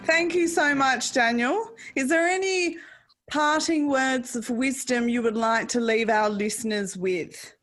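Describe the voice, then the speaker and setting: An Australian woman hosting a relaxed podcast chat, gushing with praise and dropping the odd swear word. Her voice sits fairly high and she takes her time, with soft music faintly underneath. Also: measured pace. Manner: effusive, warmly gushing, casually swears. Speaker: podcast host. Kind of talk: casual interview chat.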